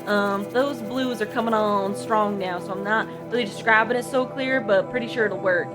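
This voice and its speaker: A woman's voice: medium pitch, normal speed, music in the background, close to an everyday voice. A woman reading a drowsy male engineer's audio log in a folksy drawl. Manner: folksy drawl, slangy grammar.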